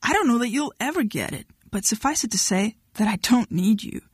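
A woman's voice: a little high, lively intonation, fairly quick, breathy edge, no room sound, studio quality. A woman reading the part of a blunt, impatient young woman who talks sharply and dismissively. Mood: cold.

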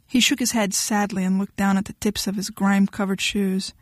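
A woman reading a novel aloud as narrator, in a steady storytelling manner. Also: medium pitch, brisk, no room sound, clean studio sound. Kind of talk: audiobook narration.

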